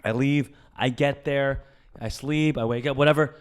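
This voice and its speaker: A young man co-hosts a comedy podcast with a loose, profane way of talking. He tells his stories with rising excitement and hits the big moments hard. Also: medium pitch, normal speed. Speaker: podcast co-host. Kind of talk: casual comedy podcast chat.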